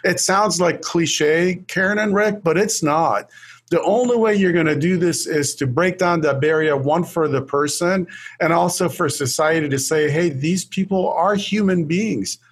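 A man working as an addiction specialist, talking earnestly and warmly about a patient, often repeating words as he searches for them. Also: fairly high pitch, a little slow. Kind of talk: earnest storytelling in conversation.

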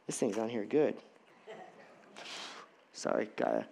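A man's voice: lowish voice, huge pitch swings, takes it slowly, gravelly, a little mellow, slight background noise. A man preaching a sermon in a church, talking conversationally with many repetitions and rhetorical questions. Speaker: pastor.

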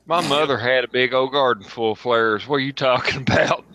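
A man's voice: medium pitch, a little fast. A man playing a tabletop game, joking and teasing. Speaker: player. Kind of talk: casual tabletop chat. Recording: loud background noise.

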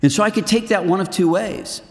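A middle-aged man preaching to a group of men in a lively, earnest way, swinging between loud and hushed. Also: high voice, fairly quick, in a large hall. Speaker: men's ministry speaker. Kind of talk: sermon.

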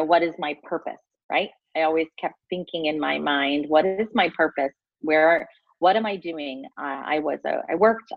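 A woman in her forties, an interview guest, telling a personal story in a heartfelt, halting way and often restarting her phrases. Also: fairly low pitch, no echo, muffled recording.

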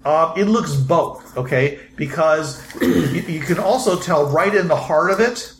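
A man narrating as game master, quick and loose, thinking aloud with fillers. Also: on the high side, animated, roomy sound, a little hiss or hum.

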